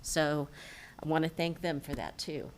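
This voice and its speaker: A woman's voice: low voice, fairly even intonation, unhurried, a little hiss or hum. A woman on a city council giving chatty, informal remarks in a meeting. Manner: chatty, tells jokes with put-on voices. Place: council chamber.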